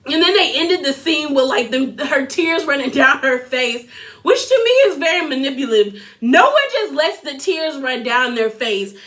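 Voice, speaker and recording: Bright, high-voiced woman vlogger. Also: normal speed. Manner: animated, laughs often, mimics people. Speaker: recap vlog host. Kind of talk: casual reality TV recap.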